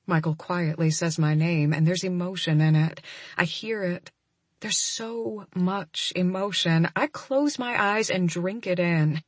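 A young adult woman narrating a first-person romance audiobook, soft and emotional, often close to a whisper. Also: lowish voice, a little slow, no room sound.

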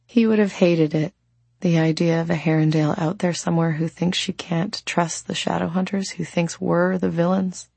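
A woman narrates a novel in a calm, reflective audiobook reading. Her voice is low, dark and gravelly with a husky edge, recorded dry and close. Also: normal speed, no room sound. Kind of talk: scripted narration.

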